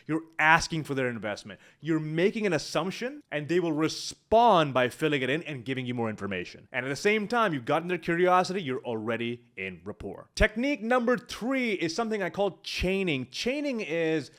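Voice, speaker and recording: A man teaching speaking skills on video, walking through examples on the spot, recorded on a large studio microphone at his home setup. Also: on the high side. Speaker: speaking coach. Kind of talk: instructional YouTube talk.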